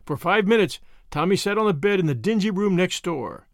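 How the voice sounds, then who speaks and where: A male audiobook narrator reads a novel in a measured, expressive way. His voice sits a little high and moves lively through each line. The sound is close and dry, with no room around it. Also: no echo. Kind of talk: scripted narration.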